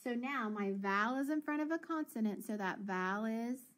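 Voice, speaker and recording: Patient female teacher, higher voice, coaching kids through reading. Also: animated. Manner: encouraging, sounds words out slowly. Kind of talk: phonics lesson for children.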